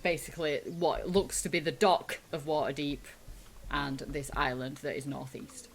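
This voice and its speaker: A woman's voice: low-pitched, steady tone, normal speed, a little hiss or hum. A woman narrating as game master of a tabletop game, casual and full of fillers.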